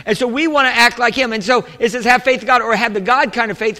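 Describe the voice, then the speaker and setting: A man's voice: high-pitched, fast, hardly any pauses, sharp tone. A male pastor preaching a sermon to a congregation in a church, talking conversationally with restarts and calling out for amens. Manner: call-and-response preaching, asking for amens. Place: church sanctuary. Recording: echoey hall with long reverb.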